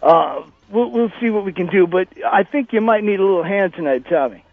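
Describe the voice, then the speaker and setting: A man's voice: high-pitched, expressive, a little fast, dry recording. A man calling in to a radio show, rambling in an overly familiar, folksy way over a phone line. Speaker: caller.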